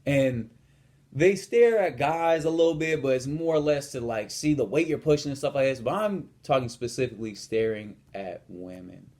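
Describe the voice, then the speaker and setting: Young man, fitness coach, blunt, cocky, swears a lot, casual vlog rant, mid-pitched. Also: animated, normal speed, darkish tone. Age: young adult. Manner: blunt, profane, swaggering.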